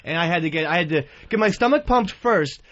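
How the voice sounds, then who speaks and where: High-voiced rambling man on the radio. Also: expressive, a bit bright. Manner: self-deprecating, rambling, halting. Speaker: radio show regular. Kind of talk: casual radio banter. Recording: dull radio studio sound.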